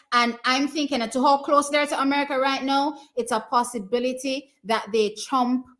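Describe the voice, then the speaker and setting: A Jamaican woman hosting a live stream, casually commenting on races, answering viewers' questions and cheering her team on. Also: a little high. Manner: chatty and excitable, cheering teams on. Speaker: live stream watch party host.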